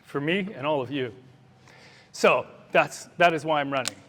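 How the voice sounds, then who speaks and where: A man, a doctor campaigning for office, speaks earnestly and plainly to a crowd in a meeting hall, growing fiery at moments. His voice is a little high, pushed and bright, at a normal speed, and the room gives a long reverb.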